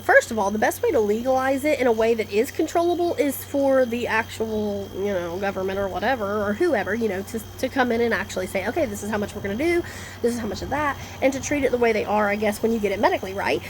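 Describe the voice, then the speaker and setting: A woman vlogs indoors while a storm comes in outside, her fairly high voice fast with a little hiss or hum. Her monologue is casual and rambling, blunt and profane, animated as she jumps from topic to topic.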